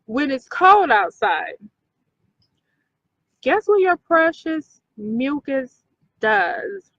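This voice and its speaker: A woman's voice: high voice, very animated, drawn-out words, fairly bright tone, no echo, muffled recording. A woman hosting a casual talk video for her viewers, emphatic, repeating points and checking in with "okay?". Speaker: video host.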